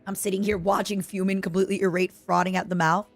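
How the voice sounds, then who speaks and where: A young woman with an Eastern European accent streams a game live, reacting excitably and chatting with viewers. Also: mid-range voice, quick pace, soft background music. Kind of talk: live gaming stream chat.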